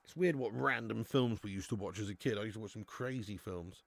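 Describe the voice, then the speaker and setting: A man's voice: fairly low pitch, a little fast, vocal fry. An English man hosting a live football watch-along, chatting casually with viewers and reading out their comments. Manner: laughs often, calls people mate.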